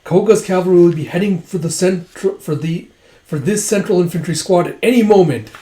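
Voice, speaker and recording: A man's voice: high voice, brisk, warm tone, voice pushed up, lightly acted. A man voicing a male soldier messenger who delivers an urgent battle report in a raised voice. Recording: roomy echo.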